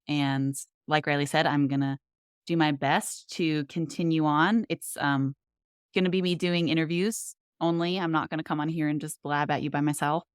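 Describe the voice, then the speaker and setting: Low-voiced, smooth female podcast host. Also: no room sound, studio quality. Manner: upbeat, conversational, storytelling. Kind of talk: casual chat.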